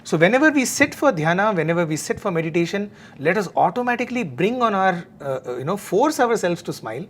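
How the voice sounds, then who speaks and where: A man talking earnestly about meditation and cheerfulness, often pausing with fillers. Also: high-pitched, big pitch swings, fairly bright tone. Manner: earnest, frequent fillers and restarts. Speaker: devotional talk speaker. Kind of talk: conversational spiritual talk.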